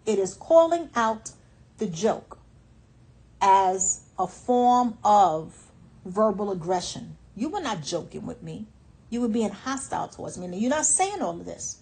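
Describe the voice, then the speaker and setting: A woman's voice: medium pitch, sing-song, measured pace, vocal fry, a little mellow, rough recording. A woman life coach giving motivational advice in a firm, emphatic voice. She drives each point home by repeating her instructions.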